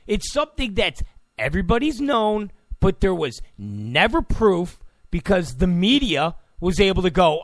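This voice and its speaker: A man's voice: high voice, big pitch swings, measured pace, no echo, studio quality. A man delivering a political opinion monologue in an emphatic, repetitive, ranting way. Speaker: political commentator.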